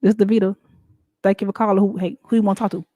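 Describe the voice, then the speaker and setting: A woman's voice: mid-range voice, flat delivery, very fast, mellow, dry recording, close to an everyday voice. A woman mimicking a careless worker answering a work phone in a loose, offhand way.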